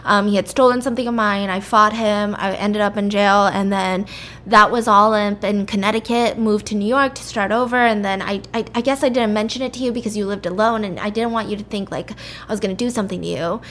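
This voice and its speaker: A woman voicing an apologetic man who explains himself haltingly. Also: high-pitched, steady tone, pushed and bright.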